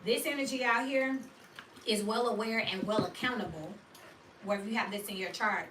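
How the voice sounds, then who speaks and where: A woman giving a casual, slangy tarot reading for her viewers, chatty and animated. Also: mid-range voice, normal speed, roomy sound, recorded from a distance, noisy background. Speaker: tarot reader.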